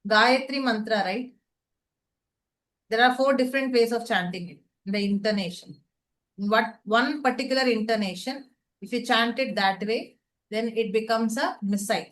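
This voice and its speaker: A woman teacher lectures to a class, her voice set slightly high. She explains patiently, poses questions to the room and then answers them herself. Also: normal speed, a bit bright, low-quality recording. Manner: asks and answers her own questions, checks in with students.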